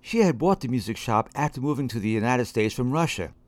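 Brief: male storyteller, very lively pitch, dry close sound. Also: fairly quick, dry recording. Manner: expressive, shifting voices. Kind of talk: children's story reading.

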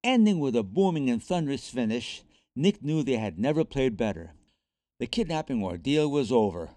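A man reads a children's chapter book aloud, expressive and animated. His pitch swings widely through the lines, and the recording is dry with no room sound. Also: moderate pace, dry recording. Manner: lively, expressive read-aloud. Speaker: narrator. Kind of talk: storybook reading.

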